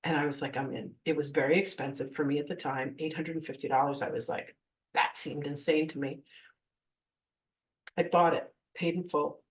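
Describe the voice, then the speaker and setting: Woman in her fifties, spiritual teacher, lively storytelling, acts out quotes, distant mic. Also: sits low, moderate pace. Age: 50s. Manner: animated, acts out quoted voices. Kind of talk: live masterclass storytelling.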